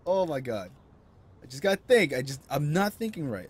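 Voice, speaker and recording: Young gaming streamer, exasperated and swearing, pitch swinging up and down. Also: male voice, sing-song, normal speed, a little hiss or hum. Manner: frustrated, exasperated, cursing, mutters to himself. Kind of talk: let's-play commentary.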